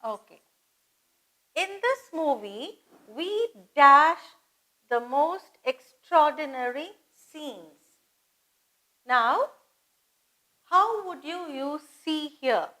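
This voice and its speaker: A woman teaching English grammar, slow and patient, repeating phrases and spelling words out letter by letter. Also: high-pitched, animated, bright, forceful tone, poor audio. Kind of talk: grammar lesson.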